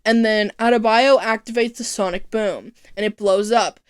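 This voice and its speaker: A woman's voice: a little high, steady tone, moderate pace, smooth. Casual, cussing woman recapping a show. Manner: profane, breezy storytelling with jokey asides. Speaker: video recap host.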